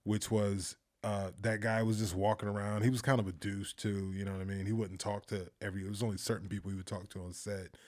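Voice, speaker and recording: A man talking casually in an interview, telling lively anecdotes, acting out the voices of the people in them and laughing often. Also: on the low side, quick pace, hardly any pauses. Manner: animated storyteller, acts out quoted voices, laughs often. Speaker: filmmaker guest.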